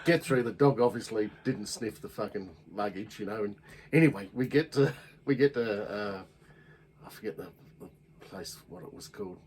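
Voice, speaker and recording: A man's voice: fairly low pitch, normal speed, darkish tone, a little hiss or hum, rough recording. A man with an Australian accent, telling crude, laughing anecdotes in a casual chat.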